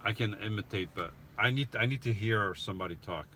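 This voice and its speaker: A man answering viewers' questions in a casual live stream, talking haltingly with restarts and soft chuckles. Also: lowish voice, slight background noise.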